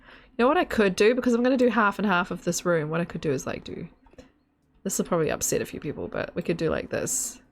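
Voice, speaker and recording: A woman chats her way through a live game stream, rambling and giggling as she goes. Her voice sits low with a gravelly fry, and the talk is loose and off-the-cuff, aimed at her viewers. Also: expressive, quick pace, a little hiss or hum. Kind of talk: casual live-stream chat while gaming.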